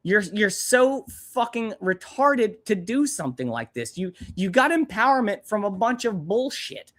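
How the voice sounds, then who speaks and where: A man's voice: high-pitched, very animated, unhurried, a bit bright. A young man hosts a live stream, his voice swinging up and down as he rants. He talks bluntly and angrily, swearing freely as he reacts to a clip. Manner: angry, profane, blunt ranting. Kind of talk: ranting live stream commentary.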